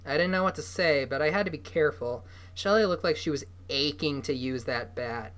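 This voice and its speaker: A man reading a novel aloud in the first person, with steady storytelling. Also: on the high side, brisk. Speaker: reader.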